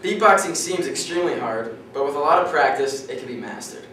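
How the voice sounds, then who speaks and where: A young man giving a prepared class speech, reading steadily and clearing his throat now and then. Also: on the high side, expressive, brisk, fairly bright tone, slight background noise. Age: young adult. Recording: echoey classroom from far off.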